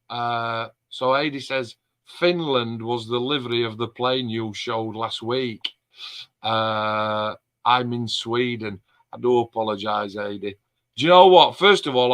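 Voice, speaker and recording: A man's voice: mid-range voice, a bit bright. A man co-hosting a live stream, chatting casually, joking and swearing with his friend. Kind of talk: casual chat.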